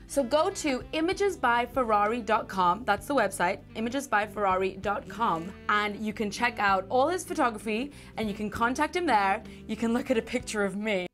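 A woman's voice: mid-range voice, lively intonation, moderate pace, fairly bright tone, faint music behind. A woman doing a playful, self-mocking promo plug.

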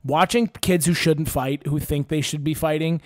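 Ranting high-voiced Midwestern man. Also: fairly even intonation, moderate pace, no echo, studio quality. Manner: ranting, profane, mock-angry outbursts. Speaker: podcast host. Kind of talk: casual podcast chat.

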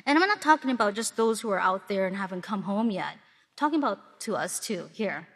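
A woman from Milwaukee giving a sermon to a congregation, telling stories in a lively way and acting out what people say. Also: medium pitch, a little fast, husky. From Milwaukee, Wisconsin. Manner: lively storytelling with acted-out asides. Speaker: congregation speaker.

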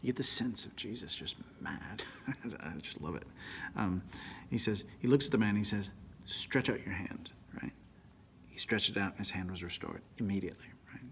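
A man, a priest, giving an animated, emphatic Bible teaching that often drops to a near whisper. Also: fairly low pitch, moderate pace, gravelly, slight background noise.

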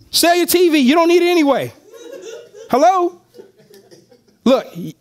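Lively high-voiced man pumping up a crowd. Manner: animated, calls out to the crowd, laughs often. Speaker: motivational speaker at a business opportunity meeting. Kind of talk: energetic live sales pitch. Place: meeting room with a live audience.

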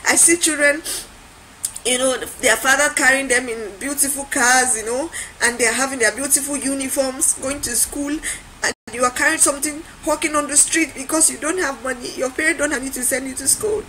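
A woman with a high voice delivers a motivational talk. She hammers each point through repetition and rising, preacher-like build-ups. A faint hiss sits under her voice. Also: brisk, pushed and bright, rough recording. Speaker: motivational speaker.

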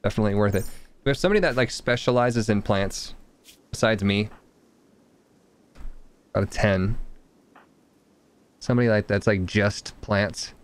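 Low-voiced man joking through a game stream. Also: normal speed, pauses often. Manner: joking, muttering to himself and the game. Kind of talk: casual gameplay commentary.

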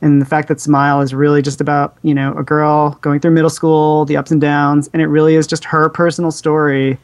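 A man's voice: fairly high pitch, little pitch movement, fairly quick, clean tone, no room sound. A man calling in as a guest on a casual podcast chat, talking earnestly with many "you know" fillers. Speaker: guest cartoonist. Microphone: calling in over the internet.

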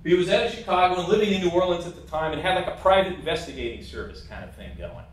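A man's voice: high voice, lively intonation, very fast, a little hiss or hum. A man giving a casual, blunt, opinionated talk as a presenter over a slideshow. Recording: echoey room, mic at a distance.

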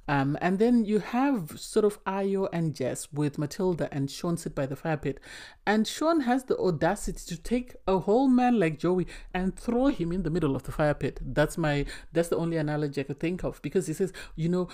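A woman's voice: sits low, expressive, fairly quick, dark tone. A woman giving an opinionated spoken recap and review of a reality dating show, emphatic and often exasperated. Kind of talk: casual recap commentary.

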